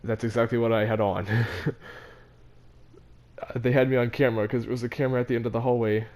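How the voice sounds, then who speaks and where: A teenage boy tells a personal story in a loose, casual way. His voice sits at an ordinary middle pitch. He laughs between phrases and often restarts his sentences. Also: fairly even intonation, quick pace, darkish tone. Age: teens. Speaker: vlogger.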